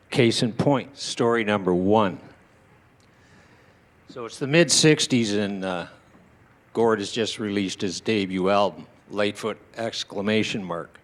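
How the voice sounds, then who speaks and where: A man in his sixties telling personal stories to an audience at a small indoor venue, acting out what his relatives said. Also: on the low side. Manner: animated, acts out shouted quotes of relatives. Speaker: storyteller at a tribute evening.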